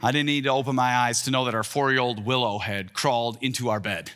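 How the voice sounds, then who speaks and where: A man's voice: medium pitch, steady tone, fast, fairly bright tone. A man in his thirties preaching an earnest sermon as a pastor, voicing the quoted lines with more lift. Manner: earnest, rising for acted-out quotes. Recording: long reverb in a large hall.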